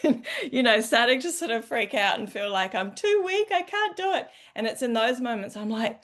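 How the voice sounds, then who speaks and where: A woman's voice: a little high, expressive, a little fast, few pauses. A woman and mother telling a personal story in a casual way, acting out her own thoughts and laughing as she goes. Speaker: guest mother.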